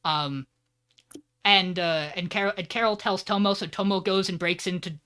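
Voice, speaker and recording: A man's voice: high voice, fairly even intonation, moderate pace, bright, forceful tone, clean tone. A man co-hosting a podcast, giving a loose, joking plot recap and swearing freely. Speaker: podcast co-host.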